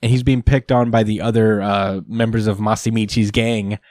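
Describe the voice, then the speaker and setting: A man's voice: on the low side, level tone, moderate pace, darkish tone, no room sound, studio quality. A man casually recapping a comic chapter on a podcast, rambling with lots of ums and uhs and frequent laughter. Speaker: podcast host. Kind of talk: casual manga recap chat.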